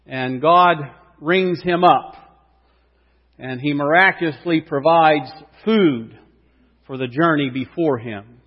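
A male pastor preaching a sermon, emphatic, swinging between loud and hushed delivery. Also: a little high, slow. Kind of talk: sermon with scripture reading. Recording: reverberant hall, dull lo-fi sound.

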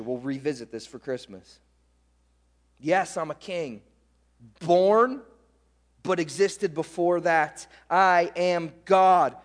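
A man preaching a sermon as pastor, fired up and emphatic, hammering repeated phrases. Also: a little high. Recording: long hall reverb.

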